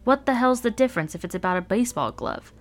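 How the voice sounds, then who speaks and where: A woman's voice: mid-range voice, fairly quick, close to an everyday voice. A woman reading aloud and voicing an arrogant, irritable teenage boy roommate with sneering, exasperated outbursts. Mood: angry.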